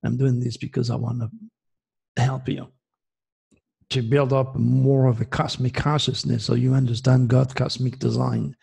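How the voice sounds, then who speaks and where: A man's voice: medium pitch, level tone, moderate pace, creaky, mellow, husky. A man from France with a French accent, a native French speaker, giving an emphatic, self-promoting monologue as host and repeating himself. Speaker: astrologer host.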